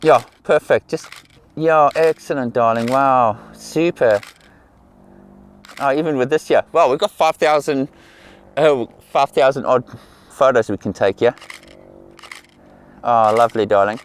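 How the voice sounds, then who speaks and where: A middle-aged man directs a portrait shoot outdoors, and he keeps repeating soft praise to his model between quiet asides about his camera. His voice sits at an ordinary middle pitch. The sound is picked up by the camera's own mic out in an open field. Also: unhurried, long pauses, a little hiss or hum. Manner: encouraging, repeats praise words. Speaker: portrait photographer.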